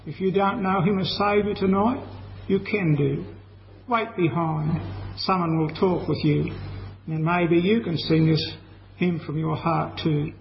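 A man leading a church service in a measured, formal way, thanking the speaker and announcing a hymn. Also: fairly high pitch, vocal fry, slight background noise. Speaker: service leader. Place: church hall. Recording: lo-fi recording in a reverberant hall.

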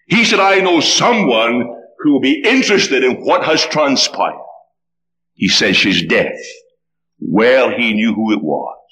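A male preacher delivering a sermon full of storytelling. His pitch swings widely as he builds each scene, rising and falling with the drama of the tale. Middle-pitched voice, lively and expressive.

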